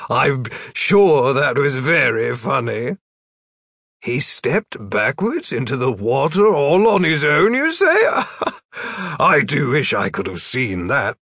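Man doing a prim wizard, storybook, fussy, gently scolding, measured, gravelly. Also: medium pitch, sing-song, no room sound, studio quality, heavily acted.

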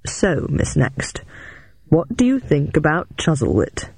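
A narrator voicing a calm, guarded middle-aged male agent who speaks slowly and quietly. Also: a little high, gravelly, breathy edge, dry recording, heavily acted. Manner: slow, hushed, measured.

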